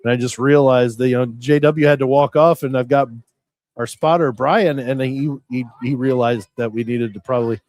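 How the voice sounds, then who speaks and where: A man giving folksy, rambling play-by-play commentary on a high school football game, often correcting himself. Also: moderate pace, darkish tone, dry recording. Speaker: play-by-play announcer.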